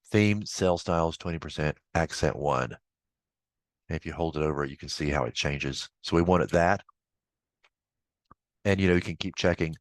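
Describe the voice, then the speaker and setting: A man instructor walking through a software tutorial in a casual, chatty way with offhand asides. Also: low-pitched, no room sound. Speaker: accounting instructor. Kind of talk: screen-recorded software tutorial.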